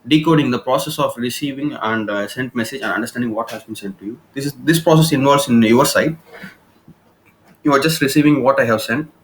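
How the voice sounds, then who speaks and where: A man's voice: medium pitch, a little fast, a little hiss or hum, rough recording. A man teaching communication skills over slides, explaining informally and often checking "okay?" between points. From India. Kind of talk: recorded slide lecture. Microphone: laptop recording.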